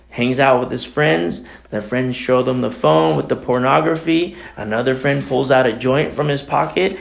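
A man preaching an expository sermon in a blunt, impassioned way, dropping to a hush and then rising to loud outbursts. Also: mid-range voice, unhurried, gravelly, a little hiss or hum. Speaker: pastor.

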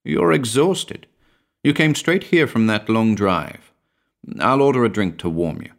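An earnest, lovesick young man with a deep voice, as the narrator reads him. He speaks in a storybook reading of a weird tale. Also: expressive, unhurried, vocal fry. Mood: tender.

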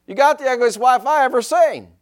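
A man's voice: very high-pitched, brisk, smooth, voice pushed up. A man voicing a cheeky, insulting male pet-store parrot in a squawky, mocking voice while telling a joke.

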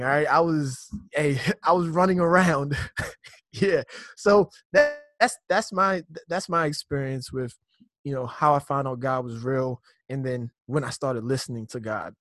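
A young man from Nigeria tells his personal testimony in a loose, animated, slang-heavy way, often repeating himself mid-thought. His voice sits a bit high for a man, and the recording is dry and close. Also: normal speed, no echo. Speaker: guest. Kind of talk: personal testimony in casual conversation.

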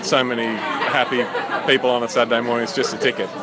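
A man's voice: mid-range voice, level tone, fast talker. A man chatting enthusiastically about his parkrun course, interviewed in a busy cafe. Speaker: parkrun event organiser. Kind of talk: casual outdoor interview. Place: busy cafe outdoors after a run. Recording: crowd chatter behind.

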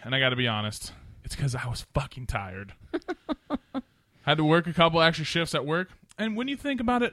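A man hosting a casual podcast after a few drinks, now and then slipping into a booming mock radio announcer voice. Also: big pitch swings, normal speed, pushed and bright, dry recording. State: tipsy from drinking. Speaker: podcast host. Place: small studio.

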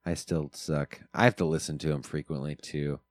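A man co-hosting a podcast in relaxed casual chat, agreeing easily and chuckling. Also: very deep voice, moderate pace, no room sound. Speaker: podcast co-host.

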